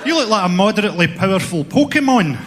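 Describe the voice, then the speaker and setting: A man's voice: sits high, very animated, fast, very noisy. A man doing stand-up crowd work in a comedy club, roasting the front row with sardonic insults. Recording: echoey club hall, roaring crowd laughter. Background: crowd laughter.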